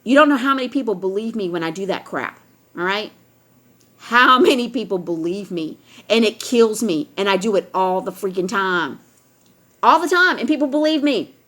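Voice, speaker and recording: Addressing her viewers directly, this woman delivers an emphatic, lecturing rant and repeats her points to drive them in. She speaks at a moderate pace in an animated, mid-range voice that's a bit bright.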